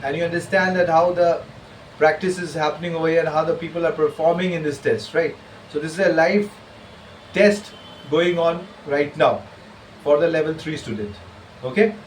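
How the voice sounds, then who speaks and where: A man's voice: on the high side, normal speed. A man who is a spoken English trainer, introducing a class video in an upbeat manner and addressing viewers directly. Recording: echoey room, far from mic, faint hiss.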